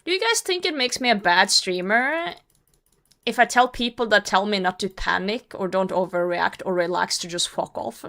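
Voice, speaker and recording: A woman's voice: medium pitch, moderate pace, sharp tone. A young woman streaming a game, chatting casually with viewers, blunt and self-mocking, laughing often and swearing when frustrated. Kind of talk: casual live game commentary.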